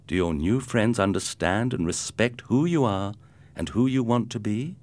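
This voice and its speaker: A man voicing a concerned mother gently questioning her teenage son about his friends. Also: fairly low pitch, expressive, normal speed, lightly acted.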